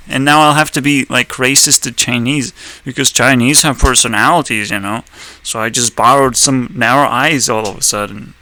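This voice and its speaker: A man's voice: medium pitch, fairly even intonation, normal speed, bright, forceful tone. A man giving casual reaction commentary, rambling and profane, and laughing often. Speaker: video commentator.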